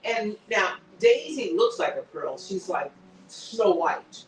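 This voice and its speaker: Man, high voice, animated dramatic retelling, casual recap chat, echoey, distant mic. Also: slow pace, a little hiss or hum. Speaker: co-host. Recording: roomy sound from a distant mic.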